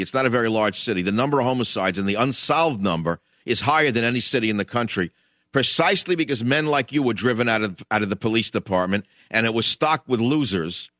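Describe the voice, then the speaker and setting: A man's voice: mid-range voice, a bit bright, no room sound. A male radio talk host with a sarcastic, mocking manner. His voice sounds dry and close, with a slightly dull, narrow tone from the studio. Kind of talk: combative call-in radio talk.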